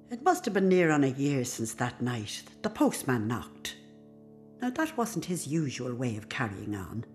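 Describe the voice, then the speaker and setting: A spirited old Irish nanny. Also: female voice, extremely low pitch, full character voice. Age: older. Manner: storytelling narration with lively, emphatic speech. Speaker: narrator and character. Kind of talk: radio drama acting and narration.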